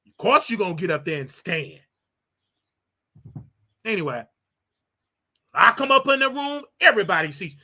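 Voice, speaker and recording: Bright-voiced man ranting live. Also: high voice, a little slow, pauses often. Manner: animated and repetitive, preachy asides; talks straight to viewers. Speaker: livestream show host. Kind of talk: casual livestream rant.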